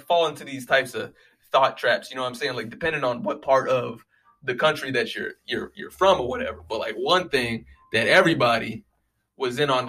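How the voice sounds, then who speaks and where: A young man, casually rambling and joking with lots of profanity. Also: mid-range voice. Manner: profane, joking, animated storytelling.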